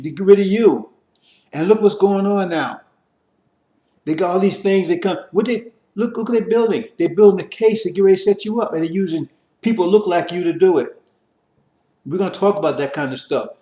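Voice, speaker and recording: A man giving an impassioned religious lecture, preachy and repetitive, rising to forceful emphasis. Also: high-pitched, moderate pace, reverberant. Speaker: religious teacher.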